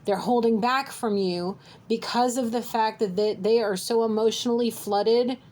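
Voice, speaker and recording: A woman psychic with a fairly high, darkish voice speaks at normal speed, reading a channeled message to camera in a tarot-style session. Earnest and direct, she regularly checks in with "okay?". The recording quality is low.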